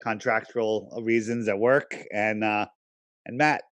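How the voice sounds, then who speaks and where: A man's voice: lowish voice, fairly even intonation, slow, fairly bright tone, no room sound. A man as a podcast guest, talking in a casual interview, emphatic and persuasive, often pressing his points with rhetorical questions.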